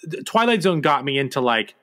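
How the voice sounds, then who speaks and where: A man's voice: on the high side, sing-song, brisk, fairly bright tone. A man hosting a horror movie podcast in casual chat, talking loosely with lots of fillers and restarts. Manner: rambling, with many fillers and restarts. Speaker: podcast host and producer.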